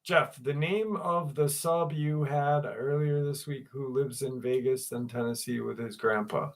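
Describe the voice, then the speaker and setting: A man's voice: medium pitch, steady tone, measured pace. A man chatting casually on a livestream panel, rambling through a story with fillers and swearing. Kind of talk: casual chat.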